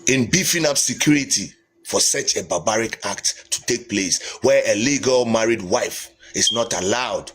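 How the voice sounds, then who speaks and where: A man's voice: on the low side, expressive, normal speed, a bit bright, faint music behind. A man with a Ghanaian accent hosting a live stream, speaking in an indignant, pleading way and switching between English and Twi. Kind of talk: impassioned live stream talk.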